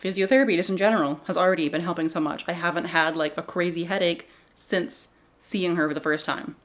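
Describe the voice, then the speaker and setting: A woman's voice: lowish voice, steady tone, fairly quick. A young woman talking straight to her camera in a chatty vlog, rambling from one thought to the next. She is a little out of breath after exercise and laughs easily as she goes. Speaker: vlogger.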